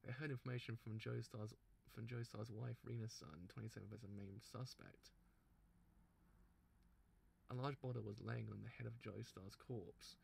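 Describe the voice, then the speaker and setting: A man hosting a live manga reaction, reading the text aloud with some stumbles and breaking into excited, loud exclamations. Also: lowish voice, normal speed, creaky, slight background noise. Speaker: manga reaction channel host.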